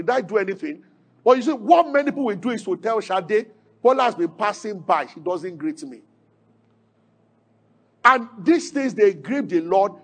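During his sermon, a male pastor questions his congregation, his delivery rising to forceful peaks and then sinking into soft, low passages.

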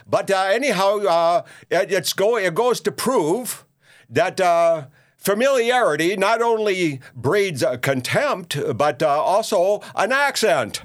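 A man doing a folksy older ex-radio host with a thick Minnesota accent. He rambles and brags, tossing in "you see" and "uh" everywhere. His voice sits high and leaps up and down in wild swoops. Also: animated, slow pace. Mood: rambling. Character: blustering older male ex-radio talk host. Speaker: show host. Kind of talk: comedic character monologue.

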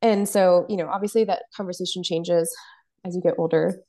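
Podcast guest: woman, 30s, earnest storyteller, low dark voice with a gravelly edge. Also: steady tone, a little fast. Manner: earnest, explains with stories and frequent laughs. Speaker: podcast guest, palliative nurse practitioner. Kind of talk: candid conversational interview.

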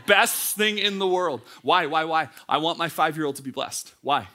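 Thirties male pastor, bright voice, chatty conversational sermon delivery with fillers. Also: a little high, a little fast, few pauses. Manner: lively, conversational preaching with many fillers and restarts. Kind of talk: sermon to young adults. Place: church service.

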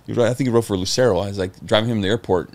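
A man's voice: on the low side, rapid-fire. A middle-aged man, a podcast guest, telling stories in casual talk, swearing freely and acting out what people said. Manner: animated, swearing, acts out quotes. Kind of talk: casual storytelling interview.

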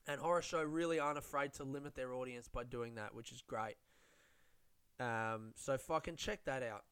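A man's voice: medium pitch, normal speed, a bit bright, clear, resonant tone, no echo. A young man with an Australian accent, a comedian hosting a casual chat, telling rambling, sweary, self-mocking stories. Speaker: comedian and podcast host. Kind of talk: casual storytelling.

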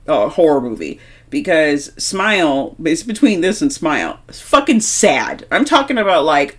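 A young woman chats through a horror movie review on a podcast. She talks emphatically and swears often. Her voice sits in a middle range. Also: medium pitch. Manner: animated, heavy swearing, emphatic. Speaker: podcast co-host. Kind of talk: casual movie review chat.

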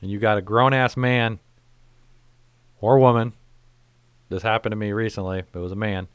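Man, low voice, dry close sound, casual profane podcast rant, rambling, exasperated. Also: fairly even intonation, moderate pace, clean tone, dry recording. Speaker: podcast host.

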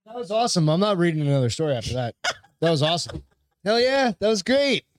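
A man co-hosting a podcast, reacting in casual chat, excited and swearing freely. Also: sits high, fast, no room sound. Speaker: podcast co-host.

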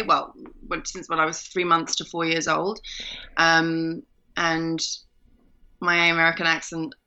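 A woman talks casually as an interview guest, rambling through fillers and restarts. Her voice sits a little low but sounds bright and forceful. The audio is dull and muffled, like a home call. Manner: chatty, many fillers and restarts, bright lively laugh.

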